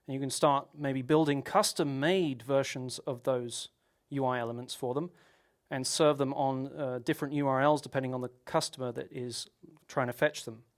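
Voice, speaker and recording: A man's voice: medium pitch, steady tone, moderate pace. A man giving a technical conference talk, explaining at length with rhetorical questions and frequent restarts. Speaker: conference speaker.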